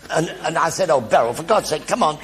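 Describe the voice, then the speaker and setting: An older man telling anecdotes in a one-man stage show before an audience, animated and acting out the voices of everyone in his stories. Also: a little high, fast talker, slightly rough. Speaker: stage performer.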